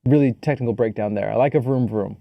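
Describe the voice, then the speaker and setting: A man's voice: mid-range voice, fast talker, gravelly, dry recording, narrow, tinny audio. A man co-hosting a podcast, joking playfully and swearing casually while chatting about trailers. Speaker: podcast co-host.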